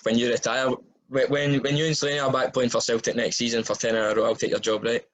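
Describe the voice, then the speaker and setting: A man interviewing a guest in a relaxed, easygoing way. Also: mid-range voice, fast, rough recording. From Scotland. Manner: relaxed, laughs easily. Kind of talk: casual interview.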